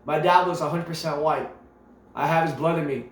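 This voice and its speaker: Speaking briskly in a slightly high, steady voice, this male vlogger rants about politics to his camera mic, emphatic and preachy, piling up rhetorical questions. He keeps repeating himself and stumbling into restarts, while faint music plays in the echoey room.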